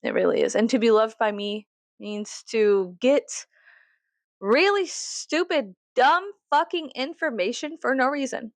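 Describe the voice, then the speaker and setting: A woman's voice: a little high, a little slow, no room sound. A woman, rambling casually to the camera in a profane, self-mocking way, laughing often. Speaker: vlogger.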